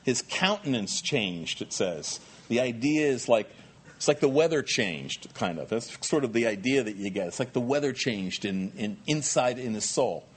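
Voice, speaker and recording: A middle-aged male pastor preaching a sermon in a lively, conversational way with jokey asides. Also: mid-range voice, normal speed, breathy edge.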